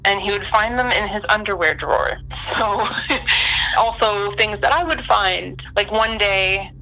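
Slow-talking bright-voiced woman storyteller. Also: medium pitch, rough recording. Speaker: storyteller guest. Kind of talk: casual personal storytelling.

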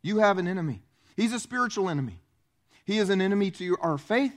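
A man pastor preaching a sermon, animated and acting out the voices he quotes. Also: high-pitched, fast.

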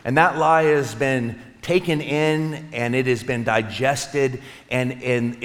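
Male pastor, mid-pitched, earnest sermon delivery, long hall reverb. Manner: earnest, with soft slowed pauses. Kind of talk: Easter sermon. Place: church sanctuary.

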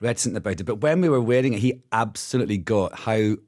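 Playful Scottish man, lowish voice. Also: fast. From Scotland. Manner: animated, playful, self-interrupting. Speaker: guest. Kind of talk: casual interview chat.

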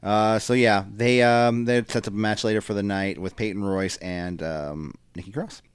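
A young man with a lowish voice recaps a wrestling show in loose, rambling podcast chat. He's recorded close and dry. He leans on fillers and quick asides. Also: fairly even intonation, clean tone, no echo. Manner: chatty, rambling, mimics wrestlers in quotes. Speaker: podcast co-host.

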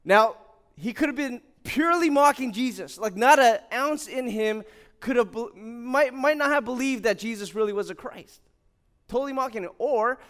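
A man's voice: very high voice, fairly bright tone. A male pastor preaching a sermon in an earnest, conversational way, quoting scripture and telling everyday stories. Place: church hall.

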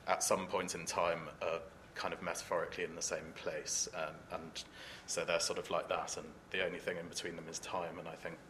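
Man, author at a book fair panel, deep voice, hesitant, thoughtful, faint noise. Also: little pitch movement, a little fast, fairly bright tone. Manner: thoughtful, hesitant, many ums and restarts.

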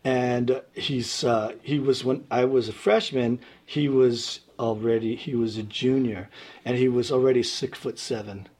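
Husky man telling stories. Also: mid-range voice, a little slow. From Brooklyn, New York. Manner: rambling, animated, acts out other people's voices. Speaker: guest musician, tuba player. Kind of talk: casual storytelling interview.

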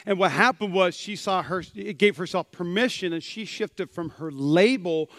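A man preaching a sermon as pastor, animated and acting out quotes with big swings in loudness. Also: high voice, normal speed, no echo, studio quality.

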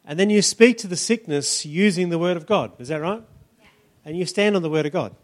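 A man's voice: high-pitched, lively intonation, fairly quick. Man preaching, asking the crowd questions. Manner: teaching, asks the congregation questions. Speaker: pastor. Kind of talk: sermon.

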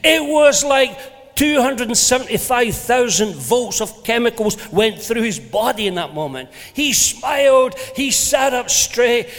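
An older Scottish man preaching a sermon as a pastor, lively and playful in his storytelling. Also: extremely high pitch. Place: church hall. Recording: long hall reverb.

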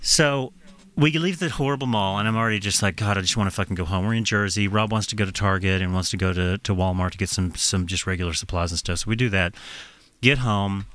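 A man casually telling a profane, animated story on a podcast, laughing as he goes. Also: on the low side, brisk, no echo.

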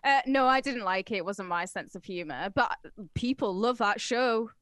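A British woman co-hosting a podcast, blunt, sweary and quick to laugh in casual chat. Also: on the high side, animated, fairly bright tone, smooth, dry recording. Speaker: podcast co-host.

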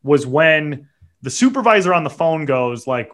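A podcast host with a fairly high voice tells a story as an animated, profane rant, muttering quick asides. His voice jumps up when he acts out his own yelling.

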